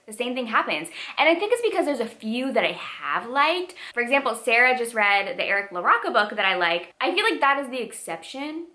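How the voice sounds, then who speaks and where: A woman in her twenties reviewing books in a casual vlog, animated, expressive and chatty. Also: a little high, brisk, few pauses. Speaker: book vlogger.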